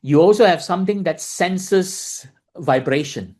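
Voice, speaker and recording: A man's voice: sits high, unhurried, darkish tone. A man giving a dharma lesson. He explains patiently, repeats points, and keeps checking in with listeners by asking "okay?" and "right?". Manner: repeats points and restarts phrases. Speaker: meditation teacher.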